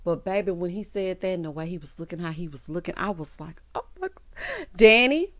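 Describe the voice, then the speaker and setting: A TV recap vlogger with a lowish, slightly mellow voice talks fast in a steady tone. She's sassy and dramatic as she runs through an episode, acting out the characters' lines and calling her listeners child, honey and baby.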